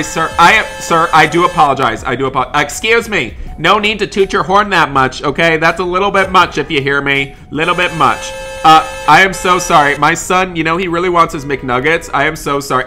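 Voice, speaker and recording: A man hosting a game video, narrating a role-play with exasperated, apologetic talk that keeps rising into loud scolding. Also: fairly high pitch, fairly quick, hardly any pauses, soft background music. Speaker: gaming channel host.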